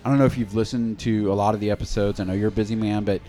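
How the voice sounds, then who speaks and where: A man's voice: fairly low pitch, fairly even intonation, very fast, mellow. A middle-aged man hosting a casual podcast chat, joking and laughing often. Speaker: podcast host.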